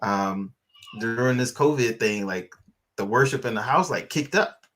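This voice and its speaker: Animated chatty man co-hosting. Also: medium pitch, measured pace, soft background music. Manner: animated, chatty, many fillers. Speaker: co-host. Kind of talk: casual chat.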